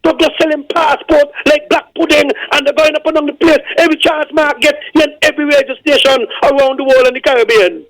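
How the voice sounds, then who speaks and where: A man's voice: very high-pitched, steady tone, fast talker, few pauses, fairly bright tone, no room sound. A man with a Kittitian accent calling in to a radio show, insistently repeating his indignant points. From Saint Kitts and Nevis. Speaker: caller. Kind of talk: call-in radio rant. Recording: dry phone line.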